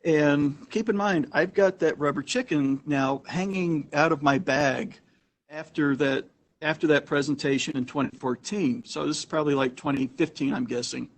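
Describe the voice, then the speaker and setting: A man with a slightly raised pitch speaks to a small audience in a meeting room. He talks casually and anecdotally, doubling back and restarting sentences as he goes. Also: moderate pace. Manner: chatty, anecdotal, frequent restarts. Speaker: meetup host and presenter. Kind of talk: casual storytelling talk to a small group. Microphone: room recording mic.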